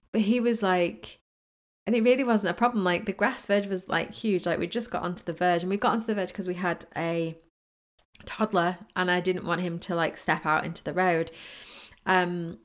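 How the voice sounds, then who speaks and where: A woman manifesting coach talking casually in a solo podcast, telling a rambling story with lots of fillers and restarts. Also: fairly low pitch.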